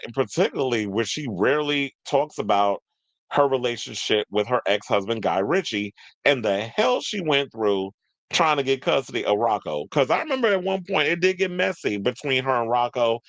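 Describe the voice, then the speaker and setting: A man's voice: mid-range voice, lively intonation, a little fast, creaky, fairly bright tone, no echo. Chatty man doing celebrity commentary. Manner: chatty, opinionated, rambling asides. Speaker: entertainment commentator. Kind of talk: casual celebrity news commentary.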